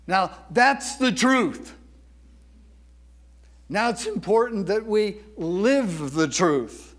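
A man with a high voice preaching a sermon at an unhurried pace. He lingers on emphatic phrases and leads the congregation in call-and-response recitation. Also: very animated, fairly bright tone. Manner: deliberate, with emphatic slowed phrases. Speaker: pastor.

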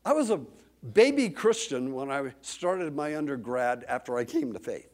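A man preaching a sermon, reading scripture dramatically and telling a lively personal story. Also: mid-range voice, normal speed.

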